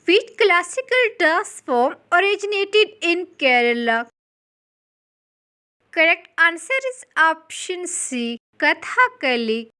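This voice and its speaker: Very high, bright-voiced woman reading quizzes. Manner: measured, evenly paced reading. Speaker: quiz presenter. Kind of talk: reading exam quiz questions and answers.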